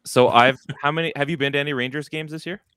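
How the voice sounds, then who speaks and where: A man's voice: on the high side, fairly even intonation, fast talker, bright, forceful tone, smooth. A man co-hosting a podcast, laid-back in casual chat with joking asides.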